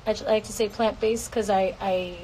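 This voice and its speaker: A woman's voice: medium pitch, fairly even intonation, normal speed, warm tone, a little hiss or hum, rough recording. A woman singer casually answering fan questions on a livestream from home, playful and swearing freely. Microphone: phone.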